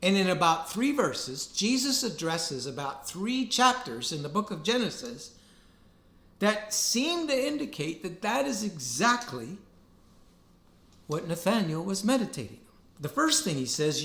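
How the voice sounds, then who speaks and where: Man, sermon, lively pitch swings, slightly high voice, roomy echo. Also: unhurried. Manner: animated, earnest preaching with rising emphasis. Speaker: pastor.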